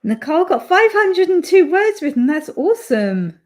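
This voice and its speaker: A woman's voice: very high voice, big pitch swings, moderate pace, darkish tone. Chatty British woman reading live chat. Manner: chatty, reads viewer comments aloud with many fillers. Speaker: livestream host reading chat. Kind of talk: casual chat.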